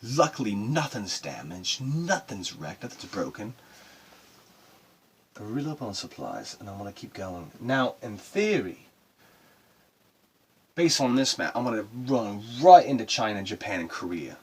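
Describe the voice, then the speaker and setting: Male actor doing a foul-mouthed sailor spinning a sea tale, raspy voice that swings up and down, rambling and emotional. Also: fairly low pitch, sing-song, unhurried, a little mellow, exaggerated voice. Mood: awed. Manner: profane, rambling and emotional storytelling. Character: rough-talking male sailor recounting a solo voyage. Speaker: actor performing a monologue. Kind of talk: dramatic monologue.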